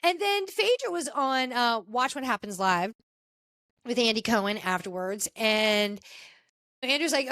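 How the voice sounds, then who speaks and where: Animated woman recapping reality TV gossip. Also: a little high, a little slow, dry recording, clean studio sound. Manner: animated, gossipy, acts out quotes. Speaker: podcast host. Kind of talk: casual pop-culture recap.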